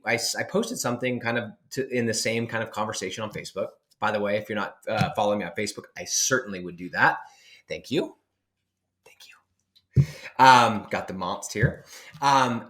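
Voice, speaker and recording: A man's voice: mid-range voice, sharp tone. A man in his thirties giving an emphatic, rambling motivational talk to camera, with many restarts. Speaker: online business coach.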